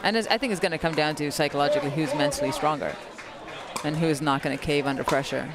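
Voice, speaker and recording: A woman's voice: deep voice, quick pace, background noise. Chatty woman commentator, crowd behind. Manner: chatty, analytical, laughs easily. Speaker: color commentator and pro player. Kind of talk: live sports commentary. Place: outdoor sports venue.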